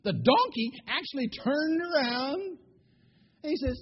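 A man telling a Bible story in an animated way, asking his listeners questions. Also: very high voice, a little slow, highs cut off.

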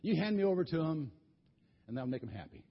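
Casting: an easygoing but hot-tempered young strongman, read by a man telling a story, high and husky. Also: very animated, a little fast. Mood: offhand. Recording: dull lo-fi recording.

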